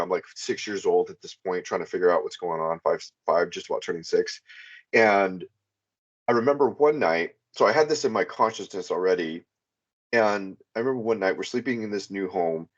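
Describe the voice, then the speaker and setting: A man calling into a podcast, telling a long personal story in a rambling way, with many fillers. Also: deep voice. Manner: rambling, frequent "you know" fillers. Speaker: podcast caller. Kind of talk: casual first-person storytelling. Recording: dull lo-fi sound.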